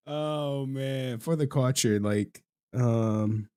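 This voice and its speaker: A man's voice: medium pitch, extremely slow, a little mellow, smooth, faint music behind. A man live-streaming, chatting loosely with his viewers in slangy talk and laughing often. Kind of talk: casual live-stream chat.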